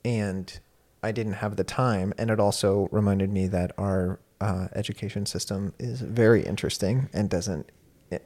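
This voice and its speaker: Young male guest, slightly low pitch, chatty storyteller with lots of fillers. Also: moderate pace. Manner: animated, many fillers, laughs while telling. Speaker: university instructor and guest. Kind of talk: casual storytelling conversation.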